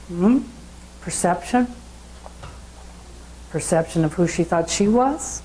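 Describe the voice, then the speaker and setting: Woman speaker, conversational sermon with storytelling, mellow low tone. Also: expressive, takes it slowly, pauses often, a little hiss or hum, poor audio. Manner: conversational, asks the audience questions. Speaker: speaker at a spiritual centre.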